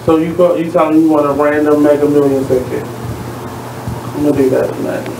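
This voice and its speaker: A man co-hosting a talk radio show, blunt and skeptical as he argues his side in casual banter. His voice sits a bit high and lands from back off the mic. The studio sounds roomy and carries a steady noise. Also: normal speed, vocal fry, far from the mic.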